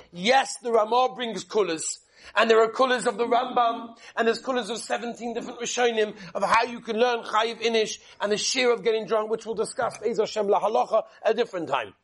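A man preaching a Torah talk with a very high, husky voice. He tells a tale with lively rhetorical questions, dropping soft and then bursting loud for effect. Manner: animated, rhetorical questions, dramatic swings in volume. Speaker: rabbi giving a Torah talk. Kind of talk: sermon storytelling.

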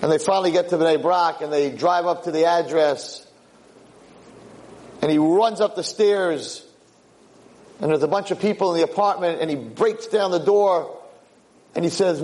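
A man giving a religious lecture, telling a story in an animated way and acting out the characters' words. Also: fairly high pitch, normal speed, rough recording. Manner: animated storyteller, acts out quotes. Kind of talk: sermon storytelling.

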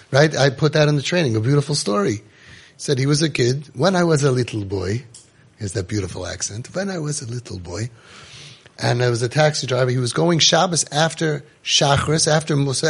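A man's voice: medium pitch, breathy edge. A man, giving a storytelling Torah class full of Yiddish and Hebrew words and rhetorical questions. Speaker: rabbi giving a Torah talk.

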